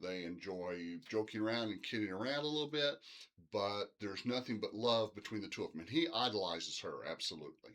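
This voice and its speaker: A man's voice: lowish voice, expressive, a little fast, a bit bright. A middle-aged man teaching literature in a casual, rambling recorded lecture, full of fillers like "uh" and "um".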